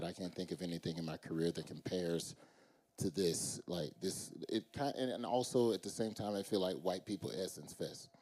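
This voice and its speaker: A man from Alabama talks on a panel in a low, deep voice. His delivery is dry and built around jokes. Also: a little mellow. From Birmingham, Alabama. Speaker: actor and comedian on a panel. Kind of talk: casual panel chat with jokes.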